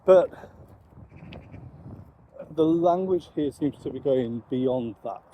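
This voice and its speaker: A man, a Christian commentator, giving measured, reflective commentary on current events. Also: mid-range voice, warm tone, a little hiss or hum, low-quality recording.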